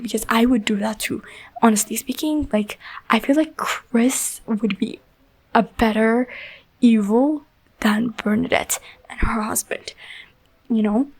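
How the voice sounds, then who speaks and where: A woman's voice: a little high, rough recording. A woman giving a casual, rambling spoiler review of a book, full of "like" and "you know", emotionally invested and often dropping into a half-whisper.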